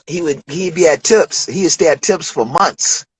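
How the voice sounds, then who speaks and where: A man in his forties from Detroit, a rapper telling studio stories in a loose, profane, animated way during an interview. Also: a little high, normal speed, rough recording. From Detroit, USA. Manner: profane, animated storytelling with acted quotes. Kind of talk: casual storytelling interview.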